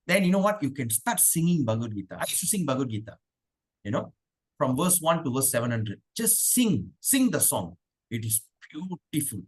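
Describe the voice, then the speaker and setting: A man leading an online devotional class over a video call, asking the class questions and chanting verses slowly. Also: mid-range voice, very animated, breathy edge. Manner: chatty, asks the class questions. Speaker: spiritual teacher.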